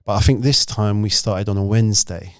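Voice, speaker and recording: A man's voice: on the low side, brisk, fairly bright tone, no room sound, clean studio sound. A man, a former footballer telling anecdotes as a podcast guest. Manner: storytelling, acts out voices in his anecdotes.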